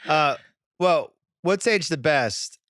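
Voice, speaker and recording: A man's voice: a little high, animated, slow, a bit bright, dry recording, studio quality. A man hosting a casual podcast chat about movies, steering the talk with questions to his panel. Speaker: podcast host.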